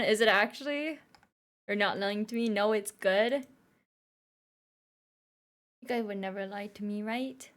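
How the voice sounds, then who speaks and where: A woman's voice: on the high side, a bit bright. A young woman streamer chatting casually with viewers and reading their messages aloud, playful and laughing often. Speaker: livestreamer.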